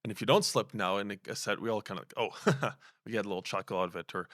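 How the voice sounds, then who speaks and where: A man with a somewhat low voice hosts a casual podcast interview. He asks long, winding questions, and the recording is dry with little room sound. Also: fairly even intonation, racing, a bit bright, no echo. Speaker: podcast host.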